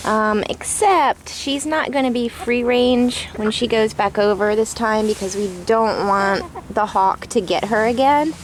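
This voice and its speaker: A woman's voice: on the high side, a little slow, few pauses, slight background noise. A woman vlogging outdoors by a boat, chatting and cooing baby talk to her pet. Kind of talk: casual vlog chat. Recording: vlog with background music.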